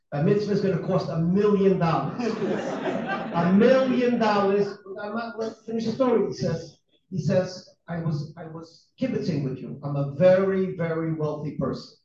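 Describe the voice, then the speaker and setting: A middle-aged man telling a long, animated anecdote, laughing often and acting out the people in his story. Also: a little high, slight background noise. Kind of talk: anecdote told to an audience. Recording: echoey hall, distant mic, dull sound.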